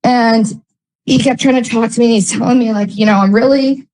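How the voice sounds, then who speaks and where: A woman's voice: a little high, steady tone, fairly quick, a little mellow, low-quality recording. A woman in casual storytelling, rambling with lots of filler words and blunt, frequent swearing. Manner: rambling, heavy use of "like" fillers.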